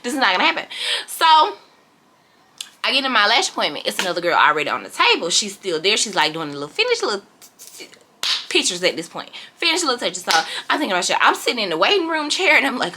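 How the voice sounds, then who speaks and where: A woman's voice: medium pitch, sing-song, fast, pushed and bright, slight background noise. A woman telling a storytime vlog in casual, dramatic chat, calling her viewers y'all. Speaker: vlogger.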